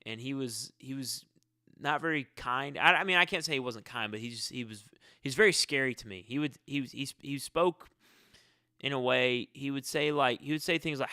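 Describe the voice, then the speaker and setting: A man with a bright, crisp voice answers fan questions in a relaxed live-stream Q&A. He rambles, halts and restarts his sentences. The sound is dry and close. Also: medium pitch, normal speed, no echo.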